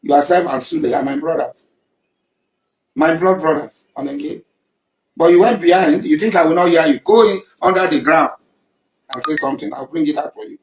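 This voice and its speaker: A man's voice: on the high side, moderate pace, roomy sound, poor audio. A Nigerian man giving an emphatic public statement, accusing and repeating himself for weight. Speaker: community leader.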